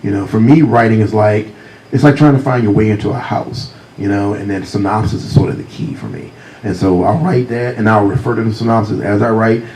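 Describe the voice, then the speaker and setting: A man with a deep voice telling humorous anecdotes as a guest author at a library talk, speaking close to a handheld mic. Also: a little fast, a little hiss or hum, poor audio. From Virginia, USA. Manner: warm, humorous anecdotes, often laughing. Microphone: handheld mic close to mouth.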